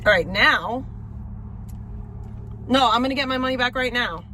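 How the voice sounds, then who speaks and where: A woman's voice: on the high side, normal speed, pushed and bright, slight background noise. A woman livestreaming, venting in exasperated, profane bursts while arguing on a phone call. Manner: exasperated, profane, repeats herself.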